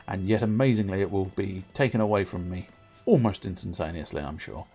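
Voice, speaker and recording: A man's voice: sits low, a little fast, warm tone, husky, soft background music. Self-mocking man streaming a game. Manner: rambling self-mocking banter with swearing. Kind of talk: casual gameplay commentary.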